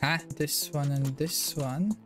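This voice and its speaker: A man talks through his building game in a playful, excitable way and thinks out loud as he goes. He keeps breaking into goofy beeps and little sound effects. Faint music plays softly behind him. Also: a little high, slow. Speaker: Minecraft video creator.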